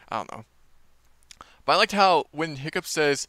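A man's voice: fairly high pitch, lively intonation, unhurried, pauses often, fairly bright tone, no echo. A man casually reviewing a movie trailer, rambling with lots of fillers and restarts.

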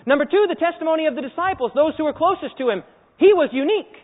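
A man preaching a sermon to a congregation, telling a story with animated energy and quizzing his listeners. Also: very high-pitched, quick pace. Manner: animated storytelling, acts out scenes and quizzes the audience. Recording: echoey hall over a tinny phone-like line.

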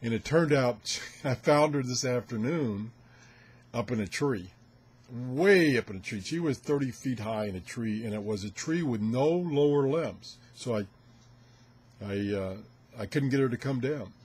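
A man's voice: medium pitch, normal speed, darkish tone, breathy edge. An older man hosting a ham radio video, talking casually to camera in a rambling, chuckling way, a little out of breath.

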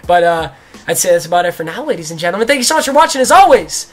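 A young man, a gaming YouTuber, telling a story in a mocking, animated way, laughing often and swearing. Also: high-pitched, racing. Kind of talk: storytelling commentary.

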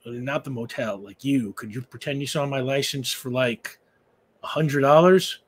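A worn-out man in his thirties stumbles through his words, hesitant and evasive, as a man acts him out. He halts and restarts with nervous pauses. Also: mid-range voice, a little hiss or hum, natural voice.

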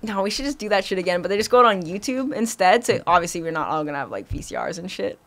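A woman's voice: fairly low pitch, expressive, fast, a bit bright. A woman from Canada, a guest on a podcast, chatting bluntly and casually, swearing freely. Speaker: guest skateboarder. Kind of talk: casual chat.

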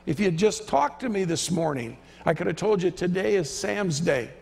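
A male guest preacher delivers an emphatic sermon, acting out the voices he quotes. His voice sits high with a gravelly edge. The sound rings with the long reverb of a church sanctuary. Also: animated, normal speed, darkish tone. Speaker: visiting preacher.

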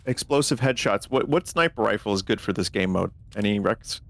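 A man streaming a game, excitedly talking to his chat and teammates. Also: lowish voice, a little fast, creaky. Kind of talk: casual gaming chat to viewers.

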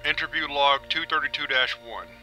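A man narrating a scripted log and playing the interviewer in a dry, clinical, measured way. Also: on the high side, bright, forceful tone, soft background music, poor audio. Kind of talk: scripted audio-drama narration.

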